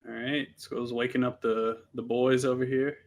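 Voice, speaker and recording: A man's voice: medium pitch, flat delivery, normal speed. A man guest commentating a live game stream, agreeable and a little hesitant, with frequent restarts.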